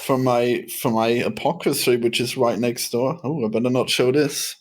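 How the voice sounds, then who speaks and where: A man in a casual podcast chat, deadpan and often stammering. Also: medium pitch, normal speed. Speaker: podcast co-host.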